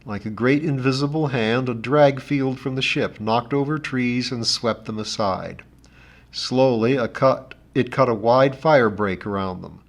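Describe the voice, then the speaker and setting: A man reads a novel aloud in a steady, expressive way. His voice sits at an ordinary middle pitch, and he carries the story along clearly, varying his voice to suit the scene. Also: unhurried. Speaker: audiobook narrator.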